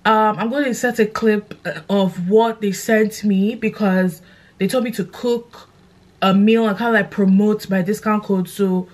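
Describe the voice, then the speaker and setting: A young woman with a London accent, chatting excitedly to camera in a casual vlog, gushing and animated. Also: mid-range voice, unhurried. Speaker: content creator.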